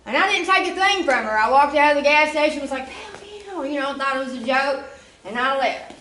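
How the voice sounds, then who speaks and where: Young woman, bright voice, conversational testimony, roomy distant sound. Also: high-pitched, quick pace, a little hiss or hum. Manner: casual storytelling with frequent asides. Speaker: speaker giving a recovery testimony. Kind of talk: personal testimony.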